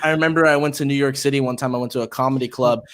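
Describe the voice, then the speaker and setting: Male co-host from Florida, rapid rambling delivery, middle pitch, casual. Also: fairly even intonation, a bit bright, smooth. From Florida, United States. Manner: rambling, many fillers and restarts. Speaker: podcast co-host. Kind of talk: casual chat.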